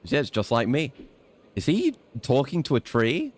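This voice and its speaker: Male streamer, mid-pitch, rambling self-mocking game commentary with casual swearing. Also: huge pitch swings, normal speed. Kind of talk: casual let's-play commentary.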